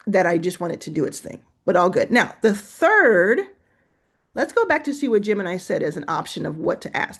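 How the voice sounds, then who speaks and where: During a laid-back screen-share tutorial, the medium-pitched woman hosting keeps up a running chat and reacts as she works. Typing and reading aloud, she laughs quietly to herself.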